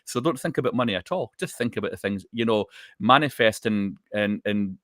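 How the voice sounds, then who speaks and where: A man's voice: fairly low pitch, animated, a little fast, a bit bright, dry recording, studio quality. A man co-hosting a live online chat, explaining his ideas steadily and repeating phrases for emphasis. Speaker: co-host, intuitive reader. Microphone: live online video call.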